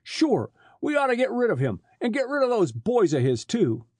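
A man voicing a dogged, ruthless smuggler in an audiobook, raising his pitch and sounding smug. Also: huge pitch swings, normal speed, darkish tone, breathy edge, no room sound, clean studio sound, heavily acted.

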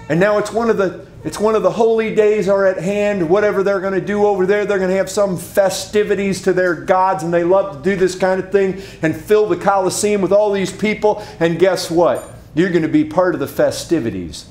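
A male pastor preaching a sermon and telling a vivid story, swinging from loud to hushed. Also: high voice, moderate pace, echoey room, slight background noise. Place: church sanctuary.

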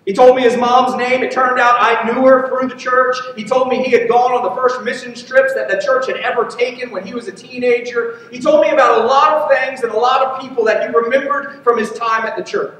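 A pastor with a very high voice tells a story from the pulpit in an earnest, personal way. He sounds distant from the mic, and his words ring through a big hall with a long trailing reverb. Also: fairly even intonation, brisk, few pauses, a bit bright. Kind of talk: sermon. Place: church sanctuary. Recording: echoey hall from far off.

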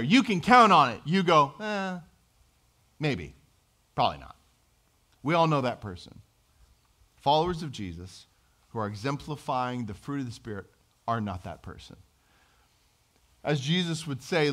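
A man's voice: mid-range voice, a bit bright. Conversational middle-aged male pastor preaching. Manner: conversational, self-deprecating preaching with acted-out quotes. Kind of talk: sermon.

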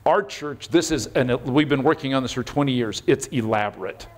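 A middle-aged man preaching as pastor in a church, talking conversationally and animatedly, with sudden loud bursts and hushed, intimate moments. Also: medium pitch, normal speed. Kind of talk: sermon. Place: church sanctuary.

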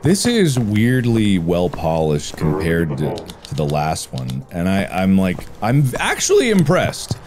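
A man hosting a gaming video, giving excitable running commentary and reacting aloud while he plays a horror game. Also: low voice, takes it slowly, few pauses, crowd noise. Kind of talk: let's play commentary.

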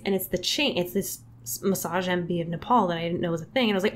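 A woman comedian, a podcast guest, telling a rambling story in animated casual chat full of fillers. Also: medium pitch, racing, hardly any pauses, a little hiss or hum.

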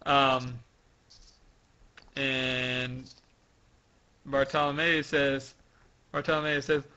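A man's voice: medium pitch, level tone. A young man hosting a casual podcast, hesitantly walking through a comic chapter with many fillers. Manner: slow, hesitant, reading out quotes with shouted emphasis. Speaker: podcast host. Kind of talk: casual chat recapping a manga chapter. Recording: dull lo-fi sound.

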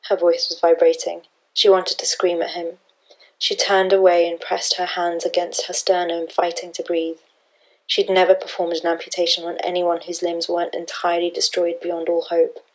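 A woman narrating an audiobook of fan fiction in a measured, steady reading voice. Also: fairly low pitch, low-quality recording.

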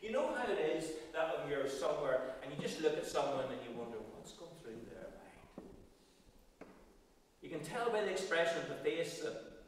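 A man's voice: fairly high pitch, sing-song, moderate pace, a little hiss or hum. Man preaching in an echoey church. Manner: expository preaching, reading scripture aloud. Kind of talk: sermon. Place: church hall. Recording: echoey hall, speaker far from mic.

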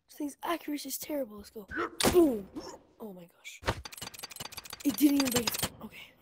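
A young woman commenting casually on her game while playing, excitable and pleading during fights. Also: high-pitched, moderate pace, very noisy. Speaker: gamer. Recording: loud game sounds behind voice.

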